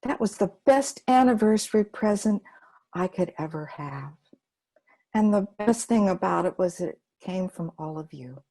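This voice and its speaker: A woman voicing a gentle, nostalgic elderly great-grandmother in a told story, speaking softly and slowly. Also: mid-range voice, lively intonation. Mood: tender. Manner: soft, slow and wistful.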